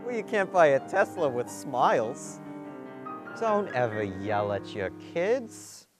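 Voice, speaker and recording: A tipsy wine-mom talk show host, played by a man, dishing out bossy, boozy advice in a live sketch. The delivery is slow and unhurried, with piano music clearly behind. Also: fairly high pitch, big pitch swings.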